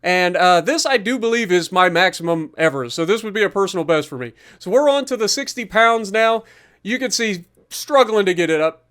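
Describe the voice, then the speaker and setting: A man's voice: high voice, animated, fairly quick, fairly bright tone, clear, resonant tone. A man talking viewers through his gym workout in a chatty, upbeat voice-over. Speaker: fitness vlogger. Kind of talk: casual workout commentary voice-over.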